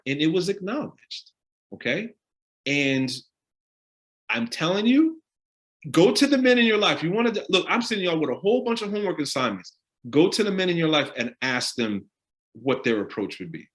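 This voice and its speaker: A man leading a live discussion, asking the audience direct questions in an animated way. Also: high voice, normal speed. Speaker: discussion leader on a live stream. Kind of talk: interactive talk with the audience.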